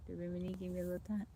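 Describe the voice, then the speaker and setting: A woman with a slightly low voice chats easily with her live-stream viewers, greeting and thanking them one by one. She talks calm and unhurried into her phone outdoors. Faint insect and bird sounds hum behind her. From Texas, USA. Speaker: livestream host. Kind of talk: casual live-stream chat reading viewer comments. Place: outdoors in the woods by her tiny house. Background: insects and birds outdoors.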